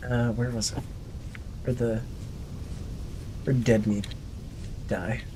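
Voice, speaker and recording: Male streamer, mid pitch, chatty running commentary to himself, faint ambience behind. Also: flat delivery, slow, noisy background. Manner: rambling, talks to himself and chat. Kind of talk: casual gameplay commentary.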